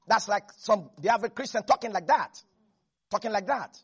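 A preacher gives an animated sermon, laughing often and acting out the quotes in the scripture. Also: medium pitch, brisk, husky.

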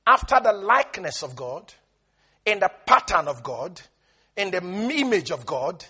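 High, husky-voiced male preacher. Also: big pitch swings, measured pace, sharp tone. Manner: emphatic call-and-response preaching. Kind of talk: sermon.

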